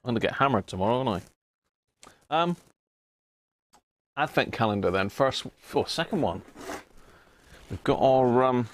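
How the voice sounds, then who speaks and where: A man's voice: medium pitch, animated, moderate pace, long pauses, slight background noise. A man hosting a casual live stream, chatting with viewers and reading labels aloud with little chuckles. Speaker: livestream host.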